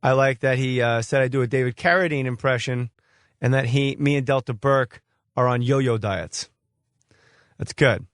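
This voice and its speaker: A man's voice: medium pitch, dry recording, studio quality. A man hosting sports talk radio, firing back sarcastic, combative comebacks at a caller. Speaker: radio host.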